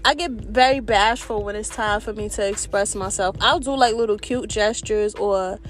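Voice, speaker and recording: A woman, an adult with children, talking openly in a candid personal monologue, animated and expressive, with slang and a bit of cursing. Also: mid-range voice, normal speed, faint music behind. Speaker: vlogger.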